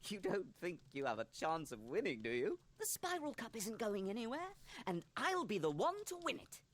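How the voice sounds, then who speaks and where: A woman's voice: mid-range voice, wildly swooping pitch, moderate pace. A woman voicing a haughty, condescending young wizard rival in a video game. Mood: smug. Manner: condescending, smug. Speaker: game character. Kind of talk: video game character dialogue.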